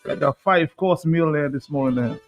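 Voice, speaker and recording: A man's voice: a little high, brisk, muffled recording, soft background music. A man hosting a radio show in a casual, chatty way, often laughing and tagging "huh?" onto his sentences.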